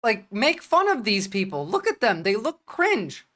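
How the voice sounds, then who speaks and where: A woman with a New Jersey accent streaming and talking bluntly, swearing often and speaking in quick bursts. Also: medium pitch, very animated, fairly bright tone. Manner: blunt, profane, rapid-fire. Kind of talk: livestream commentary.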